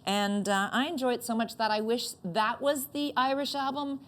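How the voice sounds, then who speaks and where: A woman's voice: fairly high pitch, steady tone, normal speed. A woman hosting a casual comedy chat, joking and laughing often, slipping into playful voices. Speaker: host.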